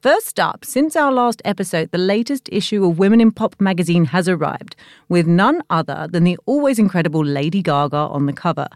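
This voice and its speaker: A woman's voice: lowish voice, animated, fairly quick, darkish tone, dry recording, studio quality. Upbeat woman hosting a podcast. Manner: upbeat, enthusiastic, laughs easily. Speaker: podcast host. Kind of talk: scripted intro then casual interview chat.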